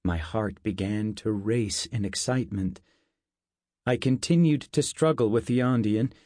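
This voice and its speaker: Slow, measured male audiobook narrator. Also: lowish voice, a little mellow, dry recording, studio quality. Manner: measured, unhurried storytelling. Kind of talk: first-person fantasy narration.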